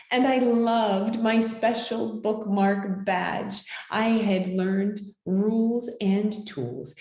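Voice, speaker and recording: A woman tells a children's story aloud, taking her time over each line. Her pitch swoops widely and dramatically as she reads. The recording carries a noticeable room echo. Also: darkish tone. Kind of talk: expressive children's picture-book reading.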